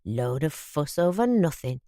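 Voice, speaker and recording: Woman doing a gruff Yorkshire father in his fifties. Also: fairly low pitch, lively intonation, moderate pace, no echo, studio quality, natural voice. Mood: dismissive. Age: 50s. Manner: gruff, blunt, grumbling. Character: gruff proud Yorkshire father, aged fifty.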